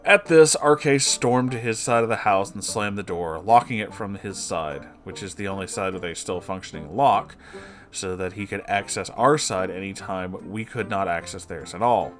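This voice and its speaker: A man reading an online story aloud with expressive, sarcastic, swearing asides. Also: low voice, normal speed, faint music behind. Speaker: story reader.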